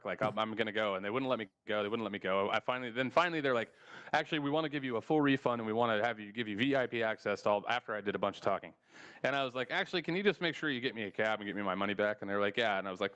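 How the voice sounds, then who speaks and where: A man's voice: lowish voice, racing, clean tone. A man with an American accent telling a travel story in casual, profane podcast chat and acting out the dialogue. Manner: animated, swearing, acts out dialogue.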